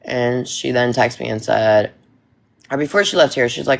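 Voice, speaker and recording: A woman with a gravelly, fry-laced voice tells a story in a casual chat. She rambles and restarts, leaning hard on emphatic lines. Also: extremely low pitch, normal speed.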